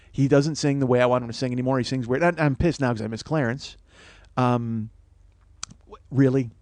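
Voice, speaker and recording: A mellow-sounding man of medium pitch, recorded with no room sound, hosts a podcast. His comedic storytelling takes the form of a meandering, foul-mouthed rant at his own expense.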